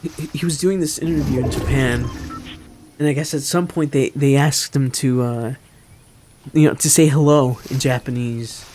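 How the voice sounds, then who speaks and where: A man's voice: medium pitch, fairly even intonation, normal speed, darkish tone, a little hiss or hum. A man giving rambling, self-mocking commentary while replaying an old video game match. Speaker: gaming commentator. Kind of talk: casual gameplay commentary.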